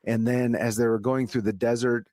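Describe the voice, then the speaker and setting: A man's voice: mid-range voice, level tone, moderate pace, dark tone, slight background noise. A man hosting a talk show, introducing his guest and recapping the story with many hesitations and light laughs. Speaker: radio talk host. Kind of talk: radio interview hosting.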